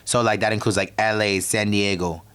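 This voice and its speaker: A man's voice: on the low side, flat delivery, brisk, fairly bright tone, clear, resonant tone. A young man from the DC area hosting a podcast, telling a story in a sassy, profane, tangent-prone rant. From DMV area, US. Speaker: podcast host.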